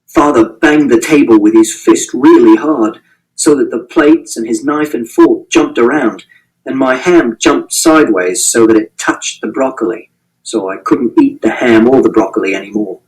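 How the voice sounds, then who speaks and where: A man's voice: mid-range voice, normal speed, a little mellow, distant mic, low-quality recording. A man reading a novel aloud in first person, in a plain, matter-of-fact, literal way. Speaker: audiobook reader.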